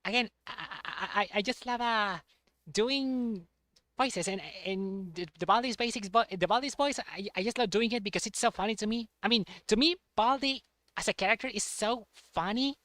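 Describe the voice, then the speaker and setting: A young man streaming a game, chatting casually in a halting way and repeating words. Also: high-pitched, sharp tone, dry recording. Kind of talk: casual chat while playing a game.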